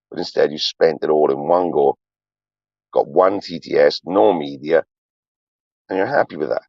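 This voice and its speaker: A man in his forties talks on a livestream in an extremely low, gravelly voice. He swears a lot and pours out his feelings in a rambling, confessional way. The sound is dry and a little dull. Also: moderate pace, long pauses, a little mellow, dry recording. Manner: profane, emotional and confessional. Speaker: streamer.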